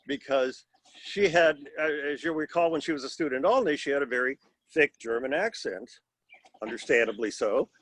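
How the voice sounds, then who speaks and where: A man's voice: medium pitch, a bit bright, no echo. A man in his sixties telling a rambling, wry story over a video call at a class reunion. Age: 60s. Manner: rambling, wry, self-deprecating humor. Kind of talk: casual anecdote on video call.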